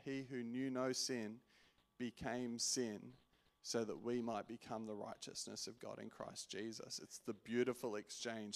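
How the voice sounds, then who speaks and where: A man preaching a personal testimony in an earnest way, restarting often and swinging from loud to hushed. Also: medium pitch, gravelly. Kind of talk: sermon testimony.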